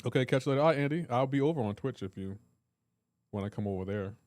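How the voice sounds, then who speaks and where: A man's voice: medium pitch, animated, fast talker, a little mellow, dry recording. A man hosting a live game stream, chatting casually and joking while reading and answering chat messages. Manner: joking, reads chat aloud.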